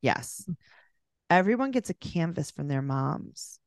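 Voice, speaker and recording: A woman's voice: deep voice, big pitch swings, slow pace, no room sound, clean studio sound. A woman co-hosting a podcast in casual chat, recapping a show with jokes and quoted voices. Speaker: podcast co-host.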